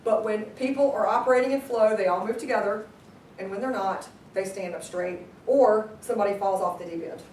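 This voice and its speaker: A woman leading a live sales training class, energetic and constantly quizzing her audience. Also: mid-range voice, brisk, a little hiss or hum. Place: meeting room with a group. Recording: echoey room, distant mic.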